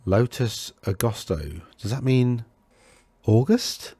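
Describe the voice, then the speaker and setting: A man's voice: mid-range voice, slow, warm tone, no room sound. A man hosting a tabletop wargame talk, rambling and correcting himself as he browses lists, with a tickly throat. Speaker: host of a tabletop wargame podcast. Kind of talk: casual talk over game lists.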